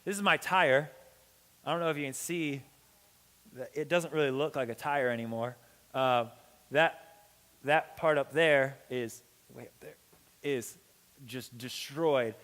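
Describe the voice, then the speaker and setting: A young man, a youth pastor, telling a chatty personal story in a lively storytelling sermon. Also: mid-range voice, measured pace, pauses often. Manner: animated, chatty storytelling with many "like"s. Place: church hall. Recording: reverberant church hall.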